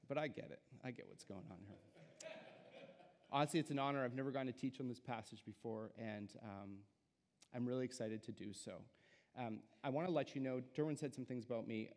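A man's voice: mid-range voice, fairly quick, a little mellow. Man preaching in a reverberant church hall. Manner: casual, self-deprecating humor with filler words. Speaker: guest preacher. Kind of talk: sermon. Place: church sanctuary.

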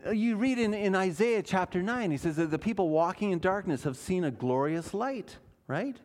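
A man, preaching a sermon as a pastor in a conversational way, with fillers and dramatic pauses. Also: sits high, animated, a little mellow.

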